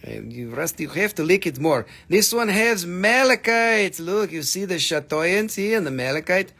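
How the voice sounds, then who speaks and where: A slightly high, gravelly male voice. He runs a live-stream gem sale in jokey, excitable patter and teases his viewers. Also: normal speed.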